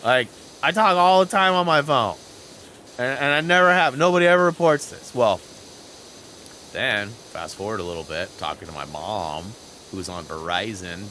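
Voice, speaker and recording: A man's voice: medium pitch, normal speed, a little hiss or hum. A man hosting a gaming channel, telling rambling stories over gameplay into a headset mic, reading chat as he goes. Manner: rambling storyteller, animated, reads chat aloud. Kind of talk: chatty gameplay commentary.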